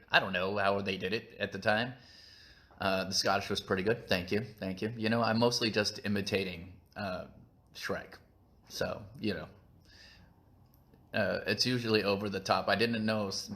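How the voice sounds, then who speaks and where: A man with a fairly low voice rambles through a casual live stream, goofy and self-mocking. He talks while eating, recorded on a phone, and wanders loosely from thought to thought. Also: fairly bright tone. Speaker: channel host.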